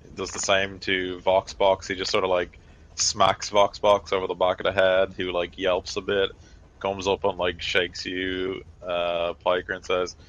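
Deep-voiced male game master. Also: completely flat delivery, a little slow, fairly bright tone, poor audio. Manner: loose, filler-heavy narration. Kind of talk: narrating a tabletop game.

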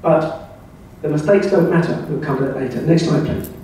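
An older man from England gives a club talk with slides and tells wry little anecdotes. His voice is mellow and a touch higher than most men's. It comes from far off in a very echoey room with faint hiss. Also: steady tone, normal speed. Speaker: club speaker. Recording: very echoey room, voice heard from afar.

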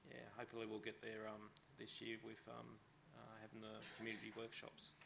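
A man presenting at a conference in a relaxed way, with lots of fillers. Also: lowish voice, fairly quick, vocal fry, background noise. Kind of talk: casual conference talk.

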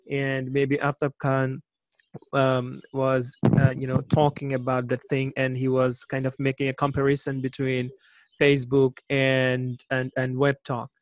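A man speaking as an in a casual online group chat, earnest and thoughtful, with frequent hesitations. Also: medium pitch. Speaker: chat participant. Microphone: computer microphone on a video call.

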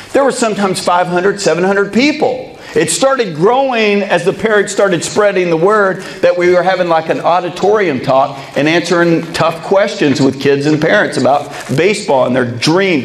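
Middle-aged male speaker, high-pitched, lively comic storyteller, light hiss behind. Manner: animated, comic storytelling with quoted dialogue. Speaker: baseball pitching coach. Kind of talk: motivational keynote storytelling.

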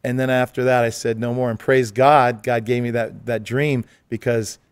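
A man's voice: mid-range voice, little pitch movement, normal speed, clean tone, no room sound. A man, a pastor co-hosting a church interview show, telling a personal story in an earnest, emphatic way. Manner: earnest, emphatic, talks over others. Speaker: pastor and co-host. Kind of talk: conversational storytelling.

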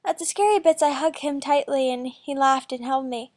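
A woman reading a first-person fan fiction story aloud in a plain, quick way. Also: sits high, darkish tone. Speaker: story reader.

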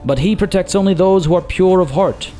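Man voicing stern old priest for a game read-through, cracked voice pitched up, solemn and preachy. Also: a little fast, warm tone, soft background music, natural voice. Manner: solemn, sermonizing. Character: gaunt old male priest, stern and judgmental.

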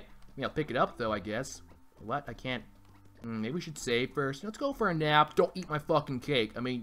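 A man gives crude, joking commentary while playing a game blind, his bright voice leaping all over the place. He swears freely and mock-taunts the enemies. Faint game music plays underneath. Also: mid-range voice. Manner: crude, joking, trash-talking, swears a lot. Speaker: let's play gamer.

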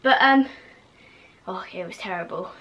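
A woman's voice: mid-range voice, expressive, normal speed, fairly bright tone. A young woman vlogging casually to camera, gushing and full of fillers, now and then dropping to a whisper.

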